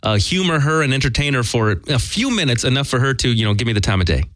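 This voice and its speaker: A man's voice: medium pitch, fast, no echo. A man co-hosting a casual radio talk show, joking and making fun of himself as he chats with his partner. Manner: animated, jokey, self-deprecating. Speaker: co-host.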